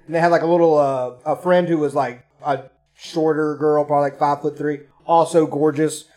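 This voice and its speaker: A man telling a story in casual chat, animated and profane, acting out what people said. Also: a little high, brisk. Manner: profane, animated, acts out quotes.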